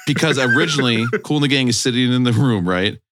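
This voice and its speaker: A man's voice: mid-range voice, fast, noisy background. A man telling rambling comic bits on a casual podcast, swearing often. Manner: rambling joking storyteller, swears freely. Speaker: podcast co-host. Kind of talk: casual comedic chat.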